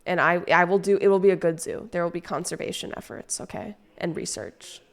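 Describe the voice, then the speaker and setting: A young woman chats on a live stream with a slightly low voice. Her talk rambles and turns crude and playful as she answers viewers in chat. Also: a little fast, vocal fry.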